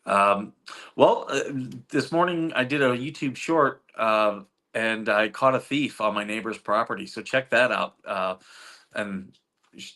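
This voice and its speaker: A man's voice: on the low side, unhurried, pushed and bright. A middle-aged man hosting a livestream, chatting casually with viewers and rambling through stories with frequent chuckles and fillers. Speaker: livestream host reading chat.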